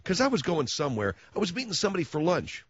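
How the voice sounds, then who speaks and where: In a radio studio, a male talk show host rattles off a rambling comic monologue, an animated ranting storyteller full of sarcastic asides. His voice is fairly high, fast and a bit breathy, recorded without echo but with the highs cut off.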